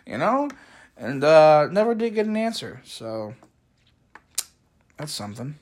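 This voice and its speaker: Profane rambling man with lively pitch. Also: unhurried, long pauses. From Chicago area. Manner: profane, rambling, wry jokes, rants. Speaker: solo podcast host. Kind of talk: casual rambling monologue.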